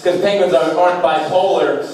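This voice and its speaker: A young man doing a stand-up comedy set, delivering deadpan one-liners with self-deprecating asides on a small club stage. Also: on the high side, fairly quick. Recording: echoey club heard from far off. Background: faint beatbox and room noise.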